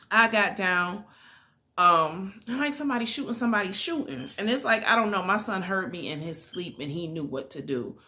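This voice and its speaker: Lower-voiced woman telling a story with animation. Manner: animated, emphatic storytelling with fillers. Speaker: vlogger telling a personal story. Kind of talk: casual storytime.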